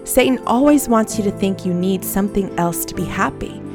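Over music, a woman teaches children a Bible lesson, gentle, earnest and encouraging, leading them in call-and-response to repeat a verse before closing with a prayer. Her mid-range voice runs a little fast.

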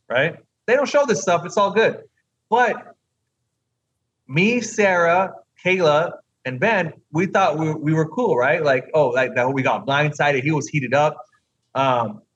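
A man's voice: a little high, a bit bright, slightly rough, lo-fi sound. A man, a recently eliminated reality competition contestant, tells his side of the story emphatically in an interview, often asking "right?".

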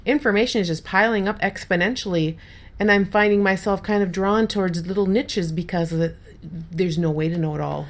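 A woman's voice: medium pitch, fairly quick. A woman with a Minnesotan accent, co-hosting a podcast in a casual chat and asking joking, curious questions. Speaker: podcast co-host.

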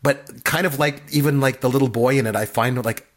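A man in casual chat about a film, animated and acting out quotes in funny voices. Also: medium pitch, brisk. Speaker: podcast co-host.

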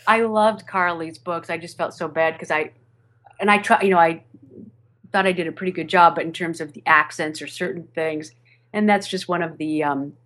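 Low-voiced woman narrator chatting animatedly. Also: moderate pace. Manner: animated, laughing, with many fillers and restarts. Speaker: audiobook narrator. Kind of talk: podcast interview chat. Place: home studio over a video call.

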